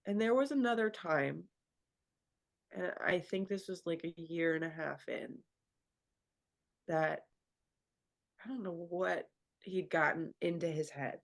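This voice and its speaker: A woman's voice: on the low side, a little slow, creaky, long pauses. A woman speaking earnestly in a candid personal interview, talking as a radio show guest and leaning on fillers like "like.". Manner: earnest, filler-heavy, frequent "like".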